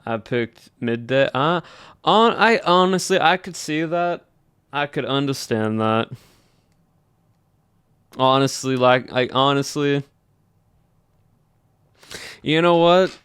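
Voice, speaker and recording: A man's voice: mid-range voice, lively intonation, slow pace, long pauses, fairly bright tone, clean tone, no echo, clean studio sound. A man with a Southern US accent, chatting casually with his livestream viewers and thinking aloud as he polls them. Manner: chatty, thinking aloud while polling chat. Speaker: streamer.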